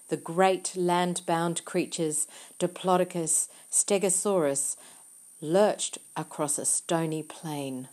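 A woman reading a novel aloud in the first person, with quiet, measured storytelling. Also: fairly low pitch. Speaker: audiobook narrator. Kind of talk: first-person audiobook narration.

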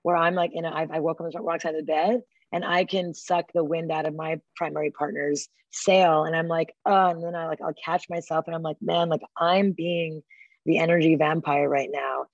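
A woman guest on a podcast interview, talking enthusiastically and acting out quotes with lively energy. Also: low voice, brisk, hardly any pauses, no room sound, muffled recording. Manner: enthusiastic, acts out quotes animatedly. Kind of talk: casual interview talk.

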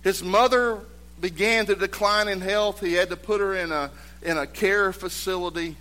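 A man preaching a sermon, moving between loud, emphatic exhortation and hushed, quiet storytelling. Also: high voice, steady tone, normal speed.

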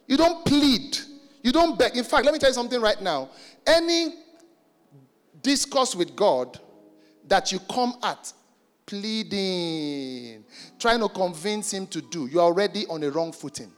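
A man's voice: high-pitched, expressive, measured pace. A man preaching a sermon emphatically and calling out to the congregation. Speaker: pastor. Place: church hall. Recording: reverberant hall with soft music.

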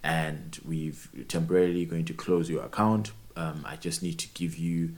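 Give me a man playing a businesslike fake bank caller with a deep voice. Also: fairly even intonation, moderate pace, darkish tone, lightly acted.

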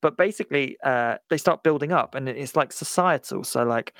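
A man's voice: medium pitch, normal speed, fairly bright tone, dry recording, clean studio sound. A man co-hosting a comedy podcast, chatting casually, giggling often and rambling with repeated words. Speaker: podcast co-host.

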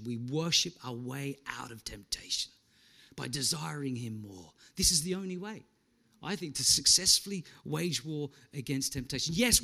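Dramatic high-voiced preacher. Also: male voice. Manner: dramatic, swings from loud to hushed. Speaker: pastor. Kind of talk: sermon.

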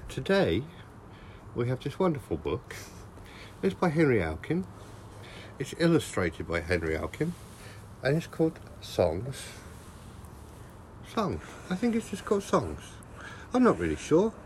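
A man putting on a pompous English gentleman with an English accent and a lowered, measured manner. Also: huge pitch swings, a little hiss or hum. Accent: English, put on.

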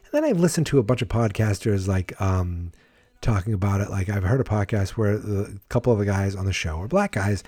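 A man's voice: fairly low pitch, animated, moderate pace, warm tone, breathy edge, no echo. A man giving a rambling, frank solo commentary on wrestling, swearing freely and thinking aloud. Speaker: wrestling podcaster.

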